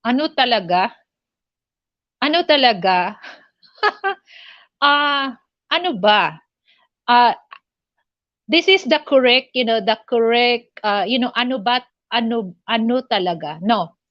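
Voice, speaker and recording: A Filipino woman whose first language is Tagalog, hosting a casual live chat, speaking haltingly with many fillers and little chuckles. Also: on the high side, animated, no room sound, dull audio. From Philippines. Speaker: livestream host.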